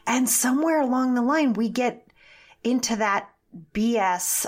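A woman's voice: on the high side, slow. A woman guest on an interview podcast, talking emphatically and animatedly, with the odd swear word. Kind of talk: conversational interview.

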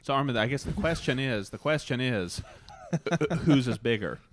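A man's voice: medium pitch, lively intonation, moderate pace, slight background noise. A man co-hosting a podcast, asking teasing questions in casual banter. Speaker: podcast co-host.

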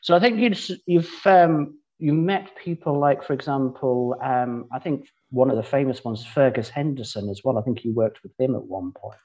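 A male podcast host with a husky, slightly breathy voice at a middle pitch. He frames his questions slowly, circling around them with soft hedging phrases. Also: muffled recording. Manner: halting, leans heavily on "sort of" and "I think". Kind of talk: casual conversational interview.

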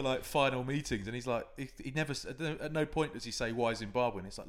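A man co-hosting a podcast, telling a story in an animated way with frequent laughter. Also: medium pitch, fast talker, few pauses, crowd noise. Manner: animated, laughing as he tells stories. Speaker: podcast co-host. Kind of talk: casual storytelling chat.

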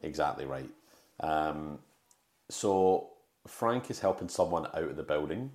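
Male co-host, very low voice, chatty plot recap full of "um"s and restarts, roomy echoey sound. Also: lively intonation, measured pace, a little mellow. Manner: recounting plot with frequent fillers and self-corrections. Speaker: podcast co-host. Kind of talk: casual film-recap chat. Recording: roomy echo.

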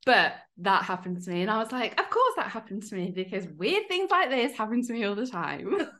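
A woman, co-hosting a podcast and telling a story in a lively, casual way, acting out quoted lines. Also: on the high side, fairly quick, hardly any pauses. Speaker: podcast co-host.

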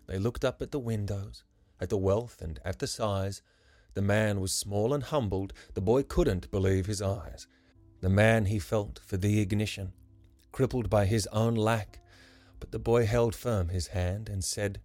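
A man reading a rhyming story aloud as a podcast storyteller, soft and measured. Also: fairly low pitch, steady tone, no room sound. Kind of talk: scripted rhyming narration. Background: soft instrumental music.

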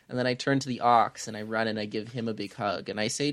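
A man playing in a tabletop game, joking and often halting mid-phrase. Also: fairly low pitch, fairly even intonation, a bit bright, no echo. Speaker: player.

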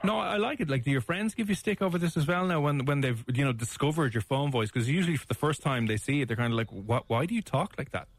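A man's voice: a little high, fast, few pauses. An Irish man hosting a radio show, chatting casually in a jokey, teasing way and laughing easily. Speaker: radio host. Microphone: studio mic.

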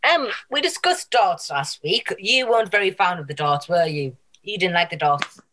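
A woman's voice: lowish voice, expressive, moderate pace, bright, forceful tone, a little hiss or hum. Chatty woman co-hosting a podcast. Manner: jokey, rambling, puts on silly voices. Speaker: podcast co-host. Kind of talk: casual chat.

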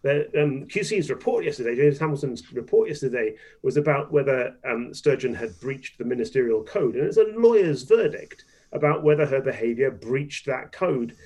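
A man's voice: mid-range voice, animated, normal speed, hardly any pauses, darkish tone. A man, a politician guest on a radio interview, speaking emphatically and repeating phrases for stress.

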